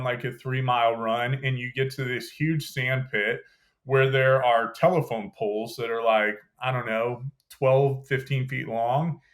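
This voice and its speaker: A young adult man talks through his memories of brutal training in a casual, conversational way. He lays out the details step by step and fills his sentences with "you know" and "like." His voice sits at an ordinary middle pitch. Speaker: podcast guest, former Green Beret. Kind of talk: casual storytelling interview.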